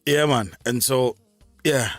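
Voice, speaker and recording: A man's voice: mid-range voice, takes it slowly, a bit bright. A man hosting a live music stream, talking casually on his own and rambling with many fillers and restarts.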